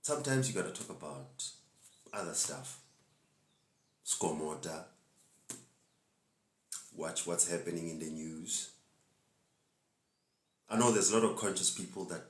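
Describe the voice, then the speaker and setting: A man's voice: deep voice, lively intonation, a little slow, long pauses, fairly bright tone, roomy sound. A man gives a laid-back, preachy spiritual talk to live-stream viewers and laughs often.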